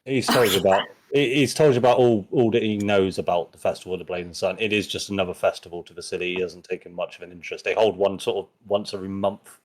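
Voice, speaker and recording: Easygoing man as dungeon master, lowish voice, relaxed narration. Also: fast talker, few pauses, a little hiss or hum. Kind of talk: running a tabletop game.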